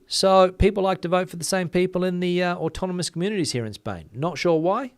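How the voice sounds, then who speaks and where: A man from Western Australia with a softened Australian accent, hosting a casual chat, reading out viewer comments and talking quickly with lots of fillers. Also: high-pitched, no room sound, studio quality. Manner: chatty, many fillers, talks fast. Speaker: channel host.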